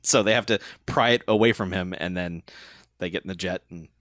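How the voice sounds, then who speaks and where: A man's voice: low-pitched, a bit bright, no echo, clean studio sound. A man casually recapping a film on a podcast, laughing often and acting out bits of dialogue. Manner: laughs often, acts out film lines in quick voices. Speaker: podcast co-host. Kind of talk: casual movie recap chat.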